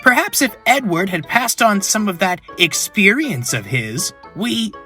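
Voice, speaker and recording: A man's voice: high voice, very animated, measured pace, sharp tone, soft background music, voice pushed up, heavily acted. A man voicing Ben, a young male tank engine twin who argues huffily, in a storybook reading. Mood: indignant. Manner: huffy, argumentative.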